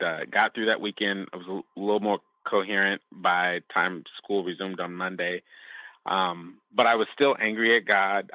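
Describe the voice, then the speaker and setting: A man sharing a personal testimony as a podcast guest, speaking in a halting, reflective way with frequent restarts. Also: deep voice, bright, forceful tone, dry recording, highs cut off.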